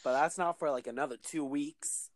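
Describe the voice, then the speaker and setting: A man's voice: a little high, normal speed. A man co-hosting a casual movie-review chat, laying out comic-book background and checking in with his co-host. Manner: explains comic lore with teasing check-ins.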